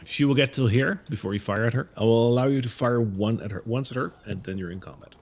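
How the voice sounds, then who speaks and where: A man narrating as game master of a tabletop game, giving measured, easygoing rulings. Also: medium pitch, a little mellow, husky.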